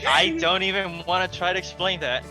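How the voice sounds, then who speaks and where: A man's voice: high-pitched, very animated, brisk, vocal fry, bright, forceful tone, faint music behind. A man running a tabletop game on a live stream, laid-back and joking. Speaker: game master.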